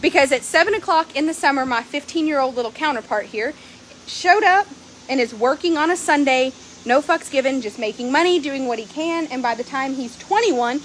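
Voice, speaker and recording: Woman horse trader, high voice, brash and profane, phone recording outdoors with faint noise behind. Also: normal speed. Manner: blunt, swearing, lively storytelling. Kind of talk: casual vlog chat.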